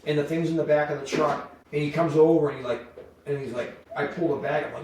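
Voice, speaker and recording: A middle-aged man, telling lively stories on a podcast and acting out the voices of the people in them. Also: a little high, very fast. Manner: animated storyteller, acts out quoted voices. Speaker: podcast guest. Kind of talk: storytelling in casual chat. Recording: echoey room, distant mic, faint noise.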